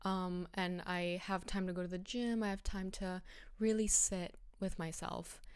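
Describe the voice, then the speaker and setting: A woman's voice: lowish voice, little pitch movement, measured pace, clear, resonant tone, no room sound, studio quality. A young woman from Bulgaria hosting her own podcast in casual, rambling, self-deprecating chat, a little out of breath. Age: young adult. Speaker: podcast host.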